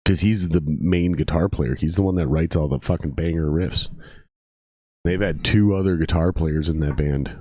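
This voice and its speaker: An exhausted young podcast host with an Upper Midwest American accent talks casually in a loose, sweary, worn-out manner. His voice is extremely low and dark at a normal speed, captured in clean studio sound with no room sound.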